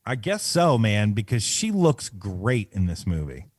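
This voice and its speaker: Expressive male podcast co-host. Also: fairly low pitch, a little slow, no echo. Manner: mock-formal delivery when reading his segment. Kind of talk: casual chat and reading a prepared segment.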